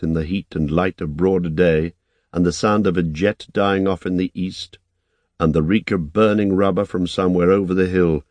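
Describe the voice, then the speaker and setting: Deep, slow male audiobook narrator. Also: no echo. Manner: measured, even reading.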